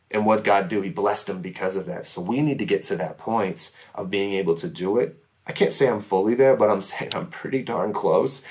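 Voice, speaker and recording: A man speaking as a podcast guest, sharing his testimony in an earnest, emphatic way. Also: fairly low pitch. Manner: earnest, emphatic, many "right?" asides. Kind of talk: casual testimony chat.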